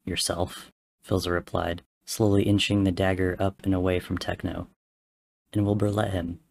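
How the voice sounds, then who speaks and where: Deep-voiced man reading a story somberly. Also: flat delivery, moderate pace, creaky, a little mellow. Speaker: story reader. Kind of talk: audiobook narration. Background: faint music.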